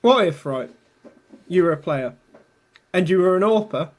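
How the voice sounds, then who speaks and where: A man's voice: high voice, animated, moderate pace. A man hosting a podcast in casual banter, teasing his co-host, laughing often and swearing casually.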